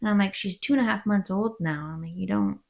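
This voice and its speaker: A woman's voice: mid-range voice, fast, vocal fry, a crowd in the background. A woman guest, candidly telling her story, acting out what people said and swearing. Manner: candid storytelling, acts out quoted exchanges, swears. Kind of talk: casual interview.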